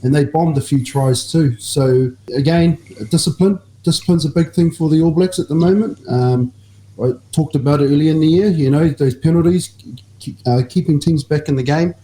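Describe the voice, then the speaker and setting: Brief: mellow-voiced New Zealand man, measured rugby talk, echoey room with faint hiss. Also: a little high. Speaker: rugby podcast co-host. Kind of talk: casual chat.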